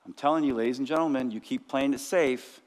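A male pastor preaching a lively sermon, sometimes shouting out the lines of the people in his story. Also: mid-range voice, fast. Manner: energetic preaching, acts out disciples' cries. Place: church sanctuary. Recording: long church hall reverb.

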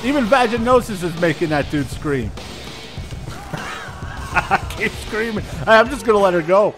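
A man's voice: high voice, animated, moderate pace, over music. A man giving crude, laughing let's play commentary, trash-talking wrestlers in character. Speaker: gamer.

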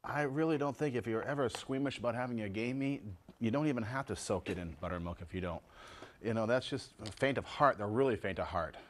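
A man hosts a relaxed home cooking show from his kitchen, talking to the folks at home as he cooks and tastes. He speaks at an everyday middle pitch in a chatty, easygoing way. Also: brisk. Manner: chatty, tasting food and talking to viewers as folks.

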